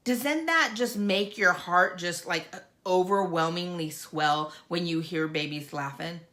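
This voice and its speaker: Bright-voiced grandmother giving a pep talk. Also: fairly low pitch, a little slow. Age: older. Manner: earnest and encouraging, speaks straight to viewers. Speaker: vlogger. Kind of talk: heartfelt motivational vlog talk.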